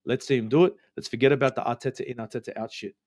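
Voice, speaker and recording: A man's voice: medium pitch, fairly even intonation, very fast, darkish tone. Sweary, fired-up man. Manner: passionate, sweary, emphatic repetition. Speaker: co-host of a football fan stream. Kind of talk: heated fan rant on a live stream.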